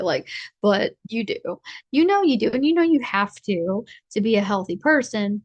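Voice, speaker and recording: A woman's voice: medium pitch, lively intonation, normal speed, no echo, highs cut off. A woman giving a casual collective tarot reading, chatty and rambling, with a playful streak. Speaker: tarot reader.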